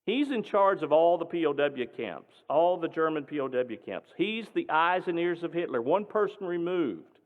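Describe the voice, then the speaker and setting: A male pastor tells a story in a sermon, speaking dramatically and emphatically, with his voice moving between loud and hushed. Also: on the high side, expressive, normal speed, few pauses. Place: synagogue sanctuary. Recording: tinny, echoing hall.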